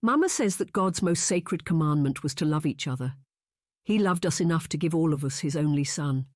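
A woman's voice: deep voice, animated, normal speed, a little mellow, no echo. A slender, proud young girl from a period storybook, as the narrator puts her on, earnest and firm as she speaks up. Her voice is dry and close to the mic.

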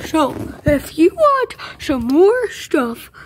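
A young girl talks slowly through a playtime game with her toys, her voice high and wandering. The recording has steady background noise. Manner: rambling, playful, voices toys. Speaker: video maker playing with toys. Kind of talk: toy play narration. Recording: noisy home recording.

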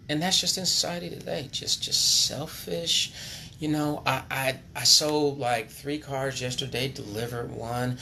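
A man who sells cars, speaking unscripted on a charity livestream, earnest and repetitive, sometimes dropping to a hush. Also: medium pitch, slight background noise. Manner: earnest, repetitive, preachy, drops to hushed tones. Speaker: car salesman on a charity livestream. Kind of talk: impromptu motivational appeal.

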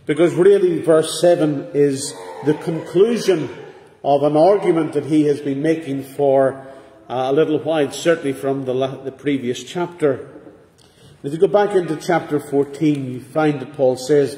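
Measured male preacher, middle-aged, warm tone, big reverberant church sound. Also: fairly high pitch. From Northern Ireland. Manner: measured, earnest preaching with pauses. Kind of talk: sermon. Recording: echoey hall with long reverb.

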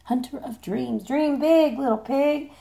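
A hoarse woman giving a chatty, playful tarot reading, swearing casually as she talks. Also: sits high, unhurried, warm tone. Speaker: tarot reader.

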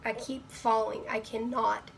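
Woman, vlogger, hoarse and husky, slightly high voice, rambling, dips into whispers, bedroom. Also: little pitch movement, a little slow, a little hiss or hum, poor audio. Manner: rambling, many "like" fillers, drops to whispers. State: hoarse, voice nearly gone. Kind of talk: casual talk to camera. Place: her bedroom.

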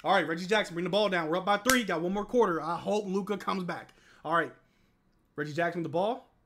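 A young man hosting a live watch-along stream, calling the plays and talking with chat, shouting at big moments and getting hoarse. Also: high voice, quick pace, noisy background. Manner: hypes and shouts at big plays, mutters between. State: straining his voice. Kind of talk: excited live play-by-play with chat.

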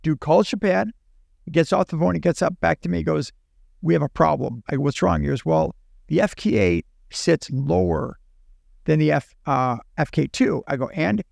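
A man, a podcast guest, telling a story casually and acting out the dialogue in quick animated bursts. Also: on the high side, vocal fry, dry recording, studio quality.

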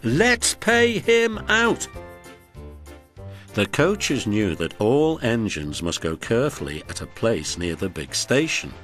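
A man narrating a children's story, slow and expressive. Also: on the low side, faint music behind.

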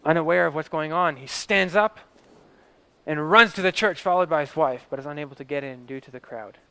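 A man's voice: a little high, a little fast, bright, forceful tone, smooth, no room sound. A man telling a story in a vivid present-tense style, swelling and dropping his voice for drama.

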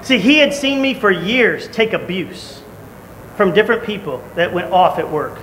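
Animated high-voiced man preaching. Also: moderate pace. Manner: animated storytelling, shouting in acted quotes. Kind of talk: sermon. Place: church. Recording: echoey church hall, faint room noise.

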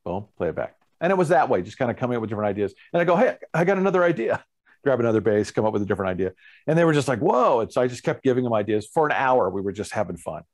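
A man who is a guest musician, telling an animated story in a casual interview and acting out other people's lines. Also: fairly low pitch, racing.

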